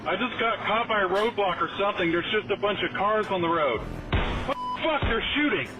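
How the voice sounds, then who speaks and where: A man playing a panicked pizza delivery driver caught in a shootout, yelling in a very high voice. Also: animated, fairly quick, rough recording. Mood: frantic. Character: frantic young pizza delivery guy in a shootout. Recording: clip with loud music over it.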